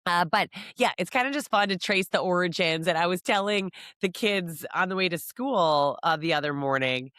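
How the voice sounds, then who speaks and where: A woman's voice: on the low side, normal speed, few pauses, a bit bright, no echo, clean studio sound. A middle-aged woman from the American Midwest, a podcast host chatting casually, rambling and giggling as she acts out quoted lines. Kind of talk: casual chat.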